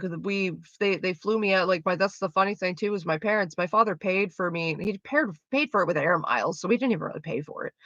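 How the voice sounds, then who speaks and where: A woman's voice: on the low side, a bit bright, dry recording. A woman hosting a casual livestream chat, talking bluntly and rambling, with heavy swearing. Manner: blunt, heavily profane, rambling. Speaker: livestream host. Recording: slightly muffled lo-fi audio.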